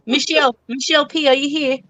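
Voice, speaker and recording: Brief: playful woman auctioneer, higher voice, dry close sound, scattered and laughing. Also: steady tone, fast, a bit bright, no room sound, highs cut off. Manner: giggly, self-teasing, scattered. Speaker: auction host. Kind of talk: casual live-stream auction chat.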